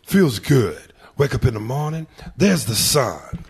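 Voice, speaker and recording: A man talking as a podcast guest in casual chat, animated and laughing as he trades movie impressions. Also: medium pitch, unhurried, slightly rough.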